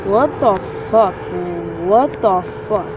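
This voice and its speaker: A man's voice: high-pitched, slow pace. A man giving brash, trash-talking gameplay commentary full of swearing. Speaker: gamer. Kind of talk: profane let's-play commentary. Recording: dull lo-fi recording with faint hiss.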